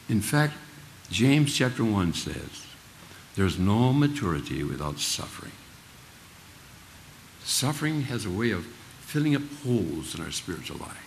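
Older guy preaching, gravelly low voice, folksy and funny, swings up and down a lot. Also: slight background noise. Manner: folksy, humorous storytelling. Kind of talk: sermon.

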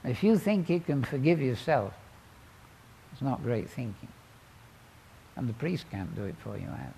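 A man preaching a sermon, telling the story dramatically and swinging between loud exclamations and quiet asides. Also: mid-range voice, very animated, moderate pace, vocal fry, a little hiss or hum.

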